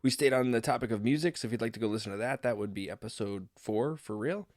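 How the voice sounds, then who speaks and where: A man's voice: medium pitch, fast talker, dry recording. A man co-hosting a podcast, a dad who laughs a lot and jokes around, speaking on a close microphone. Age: adult with children. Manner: laughs a lot, playful and animated. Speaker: podcast co-host. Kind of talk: casual chat. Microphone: close podcast mic with pop filter.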